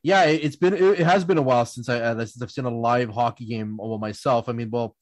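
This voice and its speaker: A man hosts a casual sports podcast, spinning animated stories with easy laughter. His pitch sits in the middle range. The sound is dry and close, with almost no room around it. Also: fairly quick, dry recording. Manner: animated anecdotes, quotes others in playful voices, laughs often. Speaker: podcast host. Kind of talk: casual storytelling chat.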